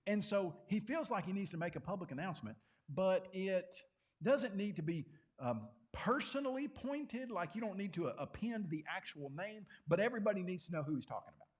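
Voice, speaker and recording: A man teaching a Bible class to a congregation, conversational and animated, often questioning his listeners. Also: high voice, brisk.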